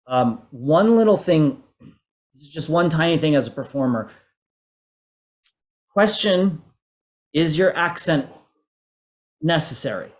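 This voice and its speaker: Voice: mid-range voice, animated, takes it slowly, long pauses. A voice performer on a panel, earnest and giving advice to other performers. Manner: earnest, advising. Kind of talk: panel discussion.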